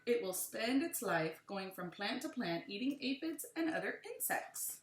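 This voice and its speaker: A woman teacher reads a picture book aloud to young children, with friendly explanations between passages. Her voice sits at an ordinary middle pitch. The room gives it a noticeable echo. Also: sing-song, normal speed, hardly any pauses. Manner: adds friendly asides to young pupils.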